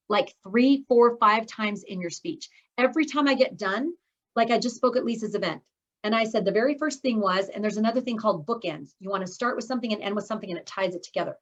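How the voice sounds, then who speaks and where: A middle-aged woman with a medium-pitched voice coaches a speaking course, addressing her students directly in an upbeat, encouraging way. Her voice comes over a video call with slightly dull, lo-fi sound.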